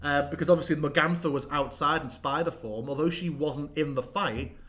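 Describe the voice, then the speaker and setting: A man and game master, chatting casually and animatedly about a finished campaign, acting out quotes as he goes. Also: fairly high pitch. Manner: animated, quick, swearing, acts out quotes. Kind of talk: casual chat looking back on a campaign.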